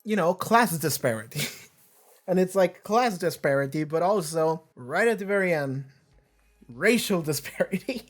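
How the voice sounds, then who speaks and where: Animated rambling man reacting to an episode. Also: fairly high pitch, normal speed, faint music behind. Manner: rambling, animated, frequent restarts and swearing. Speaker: reaction video host. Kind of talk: casual reaction commentary.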